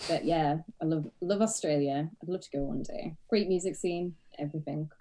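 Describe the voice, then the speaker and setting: A woman's voice: low voice, moderate pace, mellow. Woman, English accent, podcast co-host, casual comedic chat, frank and sweary.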